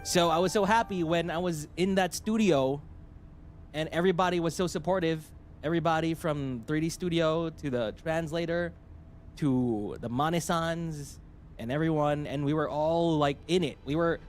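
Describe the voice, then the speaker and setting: A male VTuber chatting on stream in a voice a touch higher than most men's. He tells stories in an animated, rambling way, laughing and restarting sentences as he goes. Soft music plays faintly underneath. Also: normal speed. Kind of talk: casual stream chat.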